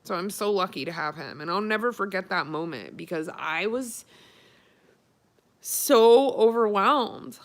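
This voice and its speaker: A woman's voice: fairly low pitch, expressive, a little fast, hardly any pauses, a bit bright. A young woman telling a personal story in a casual vlog, chatty and full of "like", emotional as she recalls it. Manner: chatty, peppered with "like", emotional retelling. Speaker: vlogger.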